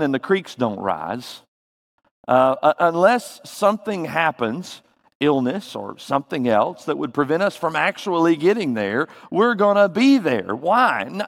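Southern US male preacher, fairly high voice, folksy sermon delivery, long echo of a hall. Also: vocal fry. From Tennessee. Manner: folksy, animated storytelling.

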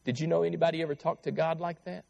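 Male pastor, sermon delivery, impassioned and pleading, slightly higher-pitched voice. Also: little pitch movement, quick pace, creaky, big-room sound, dull audio. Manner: impassioned, rising to pleading cries then dropping quiet.

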